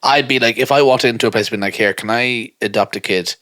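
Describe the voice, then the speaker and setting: A man co-hosting a podcast, chatting casually and teasingly, at times jumping into high silly voices. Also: fast, sharp tone, no echo, studio quality. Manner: jokey, teasing, breaks into squeaky high impressions. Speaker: podcast co-host. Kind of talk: casual chat.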